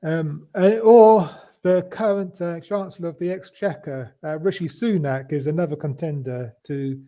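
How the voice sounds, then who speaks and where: A man hosting a casual political chat show, talking in a halting way with many restarts and fillers. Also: a little high, warm tone. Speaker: podcast host.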